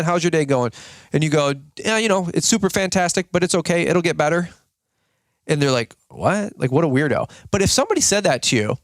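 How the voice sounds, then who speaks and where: A man hosting a podcast, giving casual advice in an energetic, slangy way and laughing now and then. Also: medium pitch, no echo, studio quality. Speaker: podcast host.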